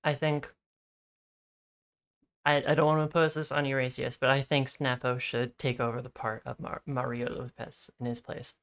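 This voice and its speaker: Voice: medium pitch, level tone, normal speed. A player in a tabletop game over an online call, chatting casually with joking, playful asides.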